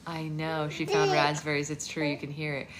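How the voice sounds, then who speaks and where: A woman hosting a livestream book club, reading a novel aloud and cooing softly to a baby between passages. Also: low-pitched, monotone, moderate pace. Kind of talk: casual livestream read-aloud and chat. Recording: loud background noise.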